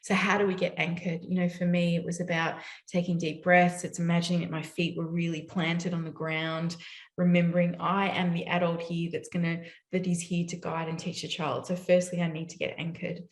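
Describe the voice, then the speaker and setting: A woman with a fairly low, fairly flat voice talks fairly quickly in a recording with a roomy echo. She's a parenting educator giving a conversational summit talk, frequently asking "right?" to check in with her listeners.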